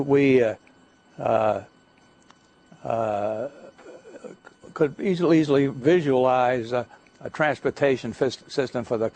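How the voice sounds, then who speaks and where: An older man giving a guest lecture, telling stories in a halting way, with many fillers and restarts. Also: mid-range voice, gravelly, darkish tone. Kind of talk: anecdotal lecture talk. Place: lecture hall.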